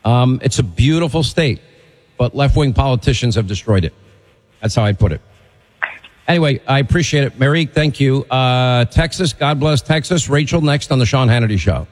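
A man's voice: mid-range voice, lively intonation, normal speed, in a large hall. Blunt talk radio host, man. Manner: blunt, opinionated, bantering.

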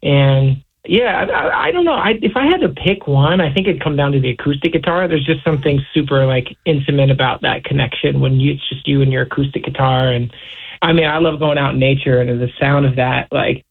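A relaxed young man who grew up in Seattle and Hawaii, a musician answering interview questions in a chatty way with lots of fillers. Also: medium pitch, brisk, vocal fry, husky. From Seattle, raised in Hawaii. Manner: laid-back, chatty, lots of "you know" and "like". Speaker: musician guest. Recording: tinny phone-line sound.

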